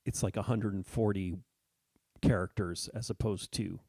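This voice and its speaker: A man's voice: fairly low pitch, steady tone, moderate pace, vocal fry, darkish tone, breathy edge, dry recording, clean studio sound. A man co-hosting a casual radio chat, asking clarifying questions with wry asides. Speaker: radio co-host.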